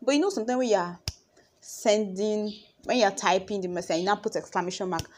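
A woman's voice: medium pitch, fast talker, slight background noise. Chatty young Nigerian woman vlogging. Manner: chatty and expressive, acts out conversations. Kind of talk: casual monologue to followers.

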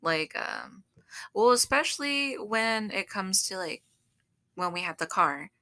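A woman's voice: mid-range voice, animated, measured pace, pushed and bright, no room sound. A woman co-hosting a podcast, chatting casually with lots of fillers. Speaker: podcast co-host. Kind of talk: casual chat.

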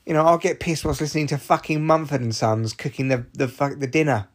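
A man's voice: a little high, fairly even intonation, a little fast. Sweary, rambling male podcaster. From Scotland. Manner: candid, sweary, rambling with restarts and asides. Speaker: podcast host. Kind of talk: casual monologue.

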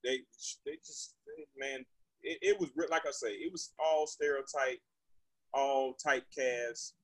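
A man from Texas, telling a story as a podcast guest in an animated, profane, indignant way. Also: medium pitch, a little slow, creaky, dry recording, poor audio. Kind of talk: casual storytelling.

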